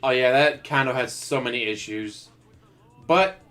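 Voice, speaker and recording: A man rambles through casual stream commentary, sarcastic and quick to laugh at his own jokes. His voice has a bright, forward edge, caught close on a desktop microphone, with faint music running underneath. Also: mid-range voice. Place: home setup. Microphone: desktop USB microphone.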